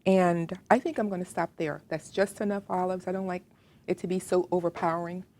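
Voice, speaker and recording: A woman with a Southern American accent hosts a home cooking demonstration, talking in a lowish, darkish voice that's fairly quick and fairly even in intonation. She chats with the viewer as she works in her kitchen.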